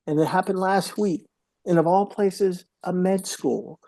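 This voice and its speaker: Middle-aged male podcast guest; earnest, heartfelt storyteller with a warm, mellow tone, dry recording. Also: high-pitched, a little slow, creaky, no room sound. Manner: earnest, emotional storyteller, drops to a hushed voice at moments. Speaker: podcast guest, mental health speaker. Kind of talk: personal storytelling in an interview.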